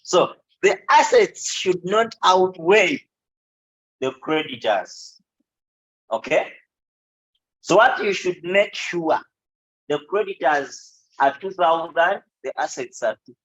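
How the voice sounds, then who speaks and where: A man's voice: on the high side, lively intonation, fairly bright tone. A man giving a law lecture to students, checking in often with "okay" and joking asides. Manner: explains slowly, with frequent "okay?" checks and asides. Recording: dull, lo-fi classroom recording.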